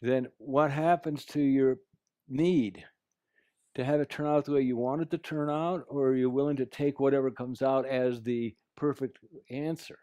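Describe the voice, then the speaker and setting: Clear and resonant, this mid-range male voice keeps fairly even intonation at normal speed as he earnestly tells a personal story to make a point about negotiation, going quiet for quotes. He's a speaker sharing life lessons. The recording is dry and studio quality.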